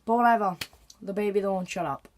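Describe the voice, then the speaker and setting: A man's voice: high-pitched, brisk. A young man narrating comedy sketches in a chatty, exasperated way.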